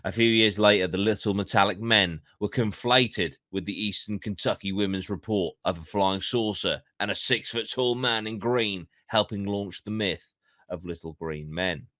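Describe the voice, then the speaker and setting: Bright-voiced podcast host. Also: male voice, fairly low pitch, moderate pace, dry recording, studio quality. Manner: reads aloud with swearing, jokey asides. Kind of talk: casual podcast storytelling, reading from notes.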